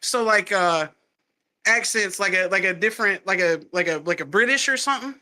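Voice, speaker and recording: Southern male comic, high and bright, lively anecdotes with acted-out quotes. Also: brisk. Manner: animated storytelling, laughs often, acts out quotes. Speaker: stand-up comedian, guest. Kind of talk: casual chat.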